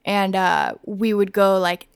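A woman's voice: slow pace, vocal fry, smooth, no room sound, studio quality. A young woman in casual podcast chat, telling a story with lots of filler words. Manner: animated storyteller, acts out high-pitched voices in her stories. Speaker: podcast guest.

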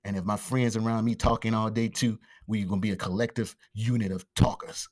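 A man hosting his own podcast alone, talking fast and loosely with slang, fillers and restarts. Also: fairly low pitch, fairly even intonation, darkish tone. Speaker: podcast host. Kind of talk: casual solo podcast monologue. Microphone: podcast microphone.

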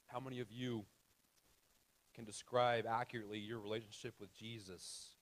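A man preaching a sermon, emphatic and direct with his listeners, repeating key phrases and dropping to a soft hush. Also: fairly low pitch, level tone, normal speed. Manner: addresses the audience directly with questions. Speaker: pastor.

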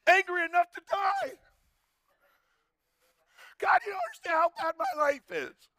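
Man doing a whiny self-pitying prophet voice: high, shouty, overwrought. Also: wildly swooping pitch, measured pace, no echo, clean studio sound, exaggerated voice. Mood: melodramatic.

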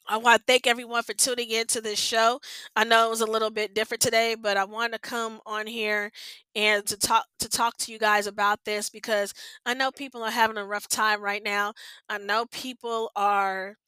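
Woman host, heartfelt devotional monologue, fairly high voice, emotional and insistent. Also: level tone, moderate pace, pushed and bright, clear, resonant tone, no room sound. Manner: earnest, repetitive, emotional, close to tears. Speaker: podcast host. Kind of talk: personal devotional talk.

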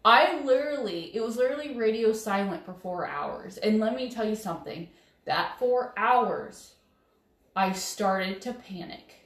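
A woman's voice: mid-range voice, echoey room. A woman telling a personal story in an earnest, emotional way, often stopping and restarting her sentences. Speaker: vlogger.

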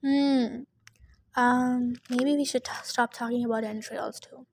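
A nervous young satyr boy from a storybook, hesitant and stumbling as he talks, played by a woman reading aloud. The voice is high. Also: steady tone, a little slow, a little mellow, slight background noise.

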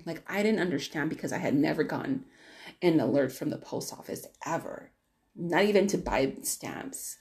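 A woman's voice: low-pitched, lively intonation, normal speed, vocal fry, a little mellow. A woman hosting her own podcast, telling a personal story in a candid, rambling way with many restarts. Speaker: podcast host.

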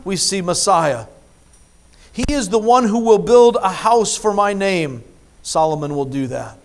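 A man preaching a sermon, reading scripture and explaining it, with emphatic swings between soft asides and loud stressed phrases. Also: high-pitched. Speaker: pastor.

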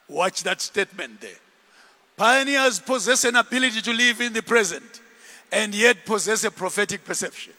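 A man preaching a sermon, animated, shouting and laughing with the congregation. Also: sits high, moderate pace. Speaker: pastor. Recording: long hall reverb.

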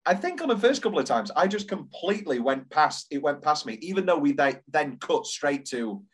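A man's voice: on the high side, big pitch swings, brisk, breathy edge. A man, co-hosting a podcast and working through his notes on a film, quoting its lines as he goes. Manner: reads scene notes aloud, quoting lines. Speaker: podcast co-host. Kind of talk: casual film discussion.

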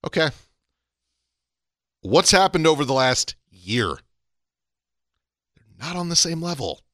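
Male podcast co-host, animated casual talker, bright voice. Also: a little high, slow, dry recording, studio quality. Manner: animated, rising to emphatic peaks. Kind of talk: casual wrestling chat.

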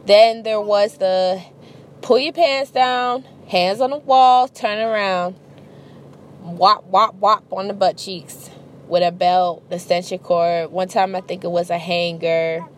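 A woman's voice: mid-range voice, slow, slight background noise. A young adult woman telling a casual, profane story about her childhood and parenting, acting out voices as she goes. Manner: animated, profane, acts out voices.

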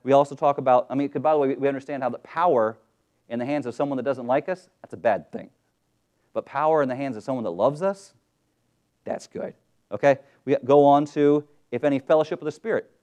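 A man's voice: mid-range voice, a little fast, darkish tone, muffled recording. A man preaching a sermon in a conversational way, reading scripture and asking and answering his own questions. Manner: conversational, asks questions and answers them himself; quotes scripture and acts out voices of other people.

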